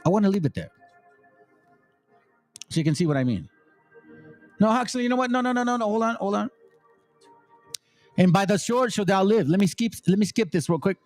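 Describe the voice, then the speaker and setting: A man with a somewhat high voice delivers blunt, emphatic commentary on video clips, cursing freely. He slows into a stately cadence when he reads scripture aloud. Faint music plays underneath. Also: expressive, a little mellow, no echo. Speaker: channel host, commentator.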